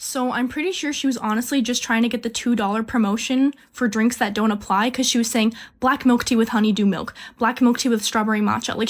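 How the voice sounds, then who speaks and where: Fast-talking young woman telling a storytime. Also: a little high. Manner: chatty, fast, full of "like", quoting people with indignation. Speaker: storyteller recounting a job as a cashier. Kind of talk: casual storytime narration.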